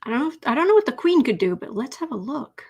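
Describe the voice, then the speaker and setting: A woman's voice: sits high, very animated, fast, a little mellow, slightly rough. A woman hosting a casual live stream as a tarot reader, rambling, talking to herself and greeting viewers by name, often dropping into whispered asides.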